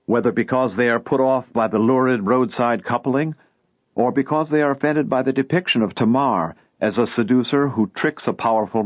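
A man narrating a nonfiction audiobook in a measured, explanatory way. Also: medium pitch, no echo, highs cut off.

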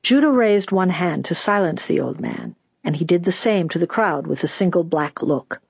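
An audiobook narrator reads a story with even, deliberate pacing. The voice is husky and breathy. The recording is dry and slightly dull. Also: medium pitch, no echo.

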